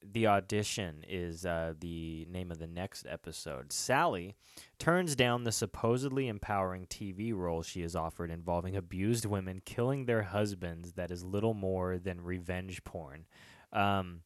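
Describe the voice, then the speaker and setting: A man's voice: sits low, normal speed, no echo, clean studio sound. A man hosting a casual chat, reading out episode summaries and joking, with frequent swearing and laughter. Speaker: podcast host.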